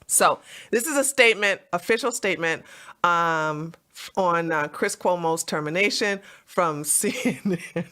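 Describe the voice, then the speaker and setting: A woman hosting an online commentary show, talking in a profane, laughing, animated way. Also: on the low side, measured pace. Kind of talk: casual mocking commentary.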